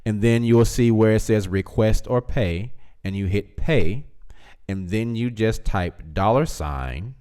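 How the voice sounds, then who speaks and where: Laid-back man hosting a slow livestream. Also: on the low side, animated, dark tone, clear, resonant tone. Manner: laid-back, laughs often, teasing. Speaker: livestream host reading chat. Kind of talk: casual livestream chat.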